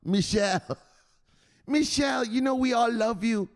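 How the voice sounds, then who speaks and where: A man's voice: very high voice, unhurried, big-room sound, pitched above the performer's own voice. A man voicing a mother who theatrically pleads with her son to come up from downstairs. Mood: pleading.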